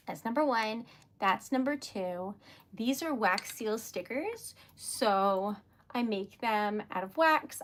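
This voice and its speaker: Young woman, high bright voice, casual livestream host, chatty and self-encouraging. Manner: chatty and self-encouraging, drops to a whisper when concentrating. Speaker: livestream host making wax seal stickers.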